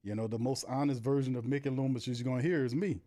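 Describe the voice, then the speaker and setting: A man hosts a live football watch party at an everyday mid pitch. He calls each play quickly, reads viewers' messages aloud and keeps laughing at how badly his team is doing. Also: fairly even intonation, warm tone. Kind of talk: casual live game commentary.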